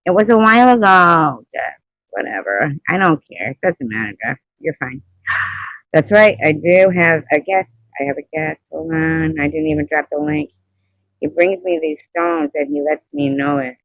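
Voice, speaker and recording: A woman's voice: low voice, animated, normal speed, creaky, fairly bright tone, dry recording, muffled recording. A woman hosting a casual livestream, rambling, reading out chat comments and laughing often between remarks. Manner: rambling, reads out chat comments and greets viewers. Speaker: livestream host. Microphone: phone.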